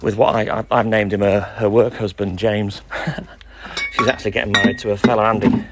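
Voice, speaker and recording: A man chatting live from his milk round, reading out viewer comments and giving friendly shout-outs by name. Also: on the low side, little pitch movement, normal speed, a little hiss or hum. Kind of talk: casual live-stream chat reading out comments.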